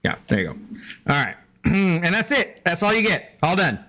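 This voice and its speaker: A man's voice: high voice, sing-song, moderate pace, bright, forceful tone. A man streaming video games, chatting playfully with his dog and his viewers. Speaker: game streamer. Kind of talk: casual live-stream chat.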